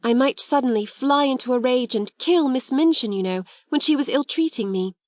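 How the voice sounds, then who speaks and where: An eager young girl, earnest and proud, speaks up in a lifted, bright voice, as a woman narrator puts her on. Her words come fervent and principled in a storybook reading. The recording is close and dry. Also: sits high, normal speed, no room sound, pitched above the performer's own voice, lightly acted. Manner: eager, bright girlish delivery.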